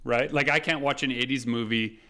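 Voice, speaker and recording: A man's voice: medium pitch, steady tone, brisk, bright, forceful tone. A man co-hosting a casual podcast, wry and talkative, often speaking to the listener. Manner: wry, addresses the dear listener. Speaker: podcast co-host.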